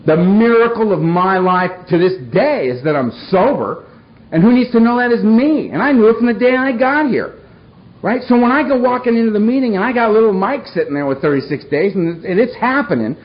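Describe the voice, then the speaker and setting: High-voiced man telling a recovery story. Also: animated, dull audio. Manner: repetitive, playful, rapid-fire phrases; earnest, heartfelt. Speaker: recovery meeting speaker. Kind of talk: personal storytelling talk.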